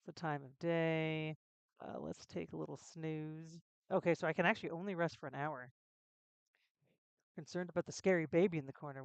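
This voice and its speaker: A woman's voice: lowish voice, a bit bright, no room sound, highs cut off. A woman streaming herself playing a video game, chatting casually to her viewers and talking to herself with frequent restarts. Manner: chatty, rambling self-talk with frequent restarts. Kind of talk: casual live-stream commentary.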